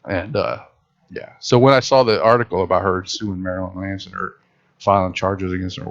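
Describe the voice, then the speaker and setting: A man's voice: low-pitched, brisk. A man telling a story in a casual podcast chat, acting out what people said. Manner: animated storyteller acting out quotes. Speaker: podcast host. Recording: dull lo-fi sound.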